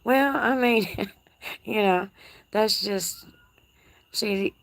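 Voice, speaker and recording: A woman's voice: medium pitch, very slow, no room sound. A woman with a Texas accent hosting a casual live chat from her porch, reading viewer comments in a folksy, teasing way and laughing often. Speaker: livestream host. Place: outdoor porch. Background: crickets.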